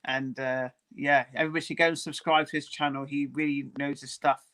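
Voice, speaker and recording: A man chatting as a guest on a live stream, friendly and quick to laugh. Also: medium pitch, little pitch movement, fairly bright tone. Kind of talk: casual chat on a live stream.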